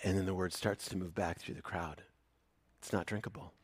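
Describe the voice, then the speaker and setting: A man preaching a sermon, animated, acting out the voices of the people in his story with loud bursts. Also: sits low, fairly quick, slightly rough, no echo, clean studio sound. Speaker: pastor.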